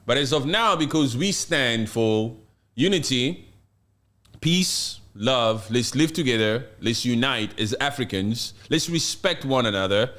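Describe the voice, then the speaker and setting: A man hosting a live stream discussion, speaking emphatically and slowing down to stress his points. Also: mid-range voice, animated, a bit bright. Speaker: host.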